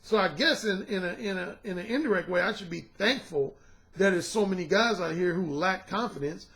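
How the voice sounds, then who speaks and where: A man's voice: high-pitched, a little fast, fairly bright tone. A man working as a dating coach, talking casually and straight to his audience in a slangy, profane, emphatic way. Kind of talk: casual monologue to camera.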